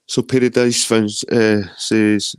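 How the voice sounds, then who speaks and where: A man's voice: on the low side, level tone, takes it slowly, clean tone, no room sound. A Scottish man of around forty hosting a casual livestream, rambling, swearing freely and greeting viewers as he reads their comments. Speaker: livestream host.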